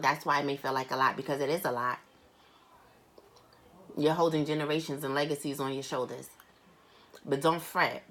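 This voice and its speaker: A woman giving a private tarot reading who speaks earnestly and bluntly, swearing casually, repeating phrases for emphasis and reading card text aloud slowly. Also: sits low, a bit bright, slight background noise. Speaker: tarot reader.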